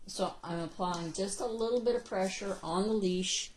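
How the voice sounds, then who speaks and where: A woman dog trainer explaining steps in a calm, patient way, recorded indoors at home. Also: mid-range voice, slight background noise, poor audio. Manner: calm, patient, slow-spoken, praises the dog softly. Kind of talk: instructional video narration.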